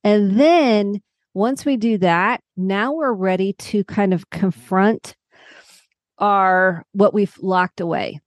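A woman's voice: medium pitch, slow pace, no room sound. A middle-aged woman psychotherapist explaining coping steps as a podcast guest, walking through everyday examples. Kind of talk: podcast interview.

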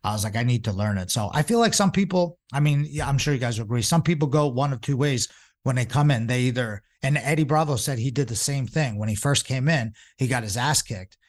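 Guy in his 40s rambling thru old fight stories, lots of um and uh, mid pitch. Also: lively intonation, fairly quick. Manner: rambling, many fillers and restarts. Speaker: podcast guest, jiu-jitsu instructor. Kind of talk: casual storytelling.

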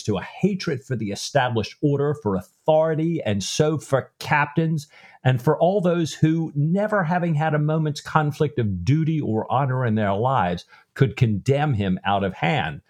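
Male co-host, conversational and reflective, mid-pitched voice. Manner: conversational, reflective, some hesitations. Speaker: podcast co-host. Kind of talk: book discussion.

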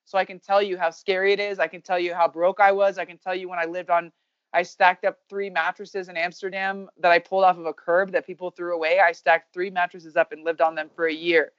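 A woman in her thirties, a baseball coach, talks as a guest in a candid, energetic way and swears casually. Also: fairly low pitch, fairly quick, no echo, lo-fi sound. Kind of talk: candid podcast conversation.

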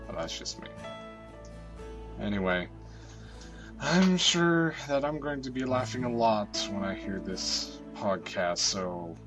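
A man talks slowly and rambles through a casual recorded comment. He giggles and pokes fun at himself as he goes. Music plays clearly behind him. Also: on the low side. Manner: rambling, giggly, self-mocking. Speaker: listener sending a recorded comment.

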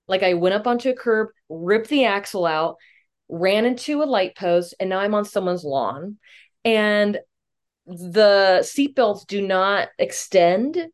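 Animated young woman telling a story. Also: medium pitch, takes it slowly. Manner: animated, self-mocking, swears casually. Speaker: podcast guest, comedic actress. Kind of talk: casual interview storytelling.

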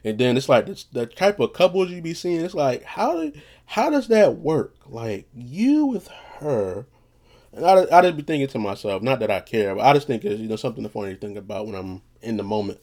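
A man's voice: fast talker, few pauses. A man talking casually on his own vlog in a loose, rambling way, often saying "you know what I'm saying". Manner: low monotone voice that he says he projects; loose, restarting, swears casually. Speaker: vlogger; retail worker.

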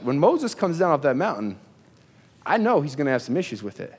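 A man preaching a sermon in a church, animated, acting out the people in the story as he goes. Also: fairly high pitch, quick pace, breathy edge, big-room sound. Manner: animated preaching, voices biblical figures in asides. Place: church sanctuary.

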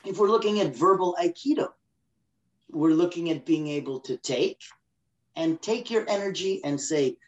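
A man's voice: on the high side, moderate pace, dull audio. A man as a guest on a podcast interview, explaining with energy and acting out inner voices. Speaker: guest expert.

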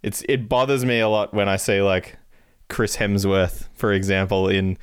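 A man's voice: fairly low pitch, little pitch movement, moderate pace, clean tone, no room sound, studio quality. A man chatting casually as a podcast guest, rambling through his answers and laughing between them.

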